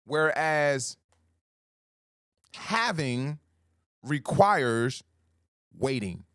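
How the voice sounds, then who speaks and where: Male life coach on a livestream, mid pitch, dry close mic, slow, emphatic and repetitive. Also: animated, a bit bright, smooth, dry recording. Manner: slow, emphatic, repeats key phrases; greets viewers by username. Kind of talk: motivational livestream talk.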